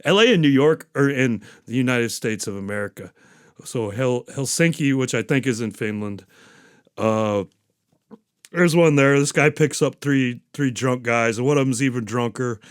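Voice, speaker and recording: A man's voice: mid-range voice, normal speed, clear, resonant tone. A man hosting a podcast, recapping a movie in a rambling, profane, casual way. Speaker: podcast host.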